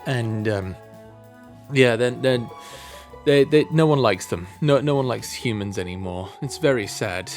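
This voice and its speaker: A man's voice: mid-range voice, measured pace, faint music behind. A young man casually retelling a story's lore, rambling and self-mocking, with frequent swearing. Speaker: content creator.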